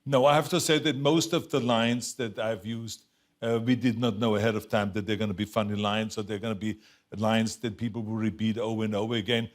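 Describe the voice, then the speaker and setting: A man's voice: fairly low pitch, a little fast. An older man in his seventies with an Austrian German accent, telling stories as a talk show guest and acting out the quotes. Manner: animated storyteller, acts out quotes, laughs often. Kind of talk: casual chat. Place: TV studio with audience.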